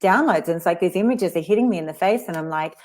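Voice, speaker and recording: A woman hosting a relaxed interview, her voice a touch lower than most. She tells her stories in a chatty, rambling way, full of little asides. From Australia. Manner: chatty, with fillers and quick asides. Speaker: host. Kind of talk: casual interview chat.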